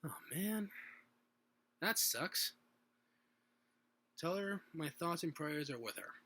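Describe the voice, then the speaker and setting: A man's voice: fairly high pitch, expressive, slow pace, pushed and bright, full character voice. A man voicing a casual, friendly adult male buddy in a home-recorded story reading, talking in a loose, raised voice.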